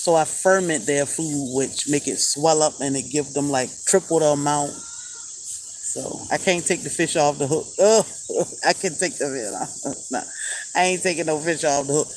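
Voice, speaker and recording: A woman's voice: low-pitched, moderate pace, slight background noise, poor audio. A woman hosting a homestead livestream, chatting casually and laughing as she answers viewer comments. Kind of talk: casual live chat.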